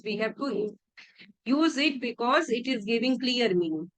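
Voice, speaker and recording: High-voiced Indian woman teaching grammar. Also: lively intonation, low-quality recording. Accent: Indian English. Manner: explains slowly with restarts, repeats key phrases. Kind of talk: exam-prep grammar lesson.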